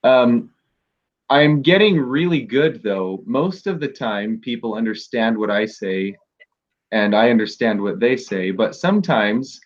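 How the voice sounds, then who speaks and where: A man in an online class, a working interpreter, talking in a relaxed way and explaining with examples. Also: mid-range voice, measured pace. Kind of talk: casual online class talk. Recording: muffled video call audio.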